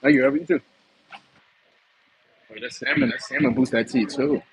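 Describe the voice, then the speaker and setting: Lively East Coast man, gravelly. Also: mid-range voice, normal speed, a crowd in the background, poor audio. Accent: East Coast American. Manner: playful, joking, laughs often. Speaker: comedic vlogger. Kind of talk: casual comedic monologue.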